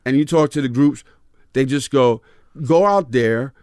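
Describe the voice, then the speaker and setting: A man's voice: mid-range voice, unhurried, smooth, dry recording, studio quality. A man, a comedian guest, telling stories casually in an interview and acting out the people he quotes. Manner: animated storyteller, acts out voices in quotes. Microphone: studio mic, dry garage room.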